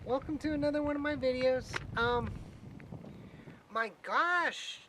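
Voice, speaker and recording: A woman's voice: high-pitched, unhurried. A woman vlogging casually to a handheld camera from inside a car, rambling and laughing often. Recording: car engine noise.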